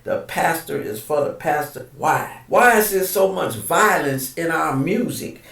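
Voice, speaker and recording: A man with a fairly high voice hosts a podcast, hammering out one indignant rhetorical question after another like a street-corner preacher. He sits back from the mic in an echoey room. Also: lively intonation, a little slow, vocal fry, a bit bright, far from the mic. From Detroit. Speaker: podcast host. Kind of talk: impassioned monologue.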